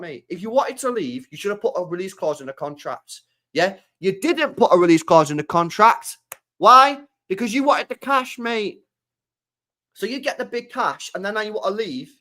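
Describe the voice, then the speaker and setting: A man's voice: high-pitched, expressive, moderate pace, sharp tone. A man hosting a live stream, ranting about football in a repetitive, slangy, sweary way. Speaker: streamer host.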